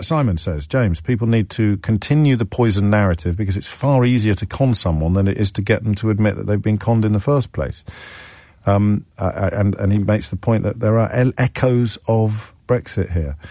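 Wry English radio phone-in host. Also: male voice, fairly low pitch, warm tone, no echo, clean studio sound. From England. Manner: wry, teasing, mock-alarmed asides. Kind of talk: radio phone-in, reading messages and taking calls. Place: radio studio. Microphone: studio mic.

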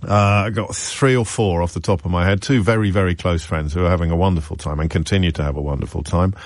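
Male radio host, lowish voice, dry studio sound, wry and rambling. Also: quick pace, darkish tone, dry recording. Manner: chatty, wry, self-deprecating, many restarts. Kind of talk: radio phone-in chat.

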